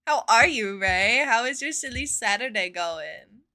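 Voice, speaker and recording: Bright, chatty woman streamer. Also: fairly high pitch, takes it slowly, long pauses. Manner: chatty, profane, expressive storytelling. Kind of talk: casual live-stream chat.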